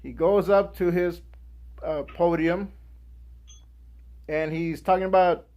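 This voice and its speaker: A young man giving a guest speech, telling a personal story in an animated way and acting out the people in it. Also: high-pitched, takes it slowly. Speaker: guest speaker.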